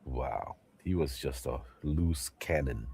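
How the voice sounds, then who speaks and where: A man hosting a livestream in casual chat, animated, laughing often and swearing freely as he acts out movie lines. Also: a bass voice, slow pace, gravelly, slight background noise. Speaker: livestream host.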